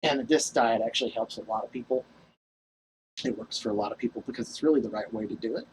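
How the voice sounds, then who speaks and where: A man's voice: medium pitch, quick pace, slight background noise, rough recording. Profane, rambling vlogger man. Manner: rambling, profane, laughs at his own story. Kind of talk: casual storytelling to camera.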